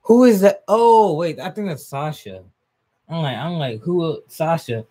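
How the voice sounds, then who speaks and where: A man's voice: unhurried, slightly rough. A young man live-streaming a manga reaction, reading aloud, laughing often and talking to his chat. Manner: excitable, laughs often, jumps up in pitch when hyped.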